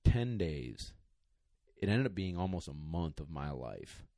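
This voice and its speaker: Man, deep voice, dry close sound; casual podcast storyteller, rambling and emotional, near tears. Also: sing-song, a little slow, gravelly, mellow, dry recording. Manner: emotional, rambling, choked up at times. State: tearing up. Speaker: podcast co-host, dog trainer.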